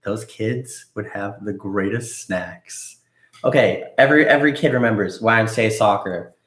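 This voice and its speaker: A man's voice: lowish voice, moderate pace, fairly bright tone. A young man co-hosting a podcast in casual chat, joking and rambling with lots of filler words. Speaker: podcast co-host. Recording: echoey room.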